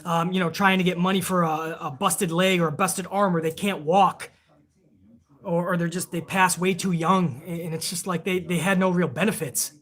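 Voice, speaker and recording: A man's voice: high-pitched, steady tone, moderate pace, fairly bright tone. A man hosting a live wrestling stream, chatting casually and rambling with plenty of swearing while reading viewer donations aloud.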